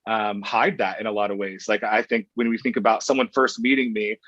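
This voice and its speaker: A man from Oklahoma speaking as a guest in a podcast conversation, talking thoughtfully with pauses and restarts. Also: lowish voice, steady tone, fairly bright tone, no echo, lo-fi sound. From Oklahoma, USA. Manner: thoughtful, hesitant with fillers and restarts. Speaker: guest, professor.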